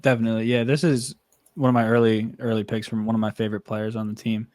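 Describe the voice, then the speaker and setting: A man co-hosting a sports podcast, talking in a relaxed, plain-spoken way. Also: on the low side, quick pace, dry recording, studio quality. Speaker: podcast co-host. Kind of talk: casual sports podcast chat.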